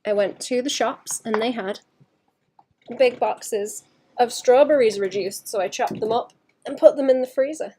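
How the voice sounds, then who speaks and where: A woman livestreaming her painting, chatting casually and thinking aloud in soft mutters that trail into whispers, second-guessing her work. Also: on the high side, moderate pace, slight background noise. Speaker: artist streaming her painting.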